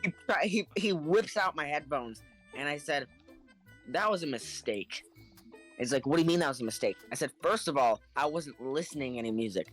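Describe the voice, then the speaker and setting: Animated young-sounding man telling a story. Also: fairly high pitch, a little fast, soft background music. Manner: animated, acts out the other people in his story; laughs between lines. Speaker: podcast co-host telling a story. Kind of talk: casual storytelling chat.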